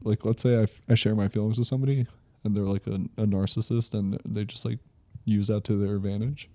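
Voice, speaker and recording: A young man trades crude jokes in quick bursts on a casual podcast. His voice is very dark and mellow. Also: fairly low pitch, fairly even intonation. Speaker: podcast co-host. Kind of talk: casual chat.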